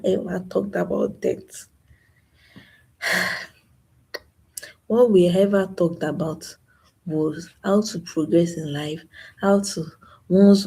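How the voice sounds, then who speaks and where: A young woman hosting a live stream speaks with grief about loss, sighing and repeating herself in an emotional talk for her channel. Her voice is fairly low, creaky, mellow and husky.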